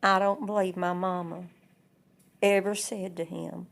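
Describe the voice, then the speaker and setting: A woman telling a personal family story in plain, unhurried present-tense sentences. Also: on the low side, flat delivery, creaky. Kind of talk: oral storytelling.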